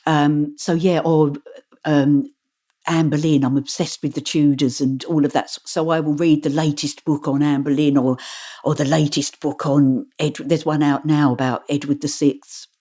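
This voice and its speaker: A woman audiobook narrator talks in an easy, conversational interview manner, animated and quick to laugh. Her voice sits low. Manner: chatty and animated, laughs often, demonstrates voices. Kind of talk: casual interview chat.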